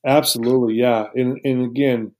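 A man's voice: medium pitch, little pitch movement, moderate pace, mellow. A middle-aged man telling his life story to an interviewer, earnest and emotional, with many restarts. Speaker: guest.

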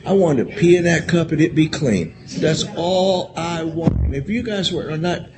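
A man shares his recovery story with a convention audience, candid and profane, speaking straight to the crowd and repeating phrases for emphasis, emotional at times. His voice is on the high side and expressive, at a measured pace, with poor audio.

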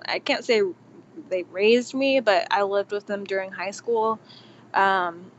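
A woman's voice: medium pitch, slow pace. A woman hosting a casual chat, who reacts bluntly and hesitates when telling her own story. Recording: dull lo-fi sound with faint hiss.

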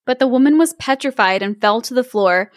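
A woman host reading a fairy tale aloud in an expressive, animated way. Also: fairly high pitch, fairly quick, no room sound, clean studio sound. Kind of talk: storybook reading with casual chat.

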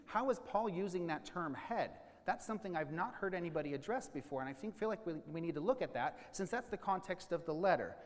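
A man preaching a sermon as a pastor, teaching with questions and slowing down to stress key points. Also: on the high side, long reverb tail. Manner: teaching, with questions and slowed emphasis.

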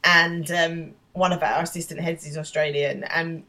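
A woman's voice: low voice, level tone, normal speed, sharp tone, poor audio. A young woman from London with a London accent, casually recapping a sitcom episode on a podcast and laughing often. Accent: London English. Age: young adult. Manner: chatty, laughs often, acts out quotes. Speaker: podcast co-host.

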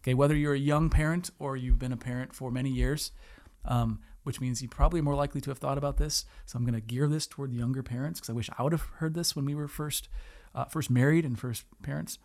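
Male co-host, thirties, mid-pitched, earnest scripture reader with an easy laugh. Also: fairly even intonation, a little mellow. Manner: reads verses slowly and earnestly, laughs easily. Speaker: podcast co-host. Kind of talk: casual chat with scripture reading.

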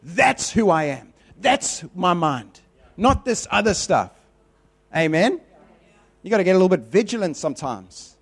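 A man's voice: high-pitched, big pitch swings, measured pace, husky. A man preaching a sermon in a conversational, repetitive way, telling personal stories with animation.

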